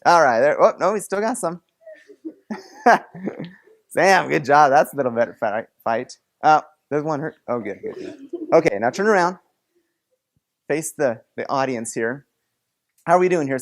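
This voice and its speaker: A man's voice: fairly high pitch, expressive, moderate pace, long pauses. A man leading a playful object lesson for students in a classroom, coaxing and joking with volunteers. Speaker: teacher.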